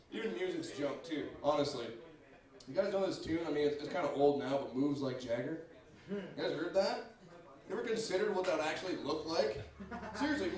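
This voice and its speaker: Brash young man doing stand-up. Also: a little high. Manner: brash, profane, crowd-addressing. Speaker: stand-up comedian. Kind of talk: stand-up comedy set. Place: comedy club stage. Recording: echoey club, mic far off.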